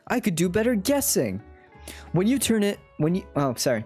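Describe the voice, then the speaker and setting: A woman's voice: mid-range voice, big pitch swings, moderate pace, mellow, husky, soft background music. A woman streaming casually, scatterbrained, swearing and laughing as she reads a game. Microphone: headphones and desk mic.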